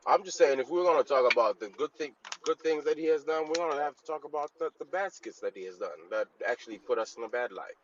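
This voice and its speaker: A man's voice: fairly high pitch, animated, a little hiss or hum. A male caller who argues stubbornly, tripping over his words and restarting often. His voice comes through a dull, lo-fi call-in line. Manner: halting, stumbling restarts, stubborn. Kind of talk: heated call-in debate.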